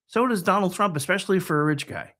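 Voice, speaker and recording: A man's voice: high-pitched, quick pace. Sarcastic male political talk host. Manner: sarcastic, digressive, swings loud and soft. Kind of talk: political commentary monologue.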